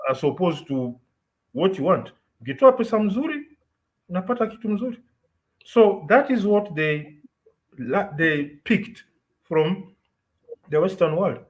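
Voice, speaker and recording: Animated Kenyan man mixing in Swahili. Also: on the high side, rough recording. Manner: code-switches between English and Swahili, animated storytelling. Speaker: podcast host. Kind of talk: casual opinionated chat.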